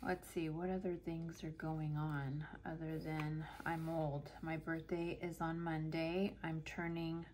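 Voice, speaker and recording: A woman's voice: sits low, little pitch movement, unhurried, few pauses, a little mellow, a little hiss or hum. Chatty woman in her late forties. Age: 40s. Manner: chatty, giggly, self-mocking storytelling. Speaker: planner vlogger. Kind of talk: casual chat to camera while planning.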